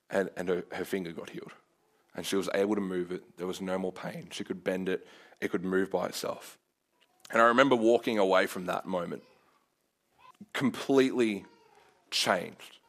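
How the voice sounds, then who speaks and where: Casual storytelling young male preacher. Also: fairly low pitch. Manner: casual, many fillers, animated when acting out his prayers. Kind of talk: sermon storytelling.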